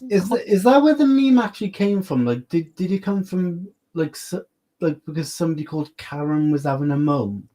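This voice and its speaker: A man's voice: on the high side, animated, fairly quick, dark tone, poor audio. A man hosting a casual livestream chat, laid-back and easygoing. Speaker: livestream host.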